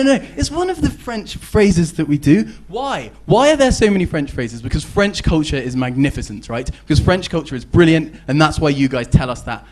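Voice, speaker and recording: A man's voice: a little high, darkish tone. A young man with a British accent giving a competitive debate speech, joking and playful, often ending points with tag questions.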